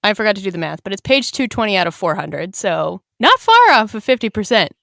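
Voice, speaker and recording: A woman in casual book-club chat on a podcast, retelling plot points with bits of acted dialogue and the odd swear word. Her voice sits at an ordinary middle pitch. The recording is close and dry. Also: very animated, fairly quick, creaky, a bit bright, dry recording. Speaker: podcast co-host.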